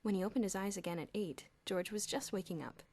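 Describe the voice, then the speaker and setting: A woman's voice: mid-range voice, quick pace, darkish tone, dry recording, clean studio sound. A woman narrating an audiobook expressively, with audible lip-smacking. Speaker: audiobook reader. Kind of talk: storybook narration. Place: home room with traffic nearby.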